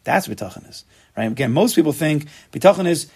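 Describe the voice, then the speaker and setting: Fast-talking man leading a study class, gravelly and husky. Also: fairly high pitch. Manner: fast, animated explaining with Hebrew terms. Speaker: Torah class teacher.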